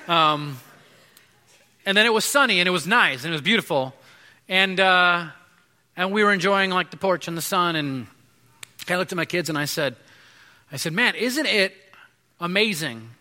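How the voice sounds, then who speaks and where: Man, 30s, pastor, sermon, conversational, bright forceful tone, big reverberant hall. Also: high voice, normal speed, long pauses. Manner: conversational, many restarts and fillers. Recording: long reverb of a large hall.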